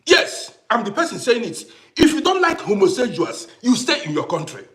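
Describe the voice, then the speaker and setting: Middle-aged man, high voice, swooping animated delivery, emphatic livestream rant. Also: moderate pace. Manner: emphatic, repeats phrases for effect. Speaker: livestream host. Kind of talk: impassioned livestream monologue.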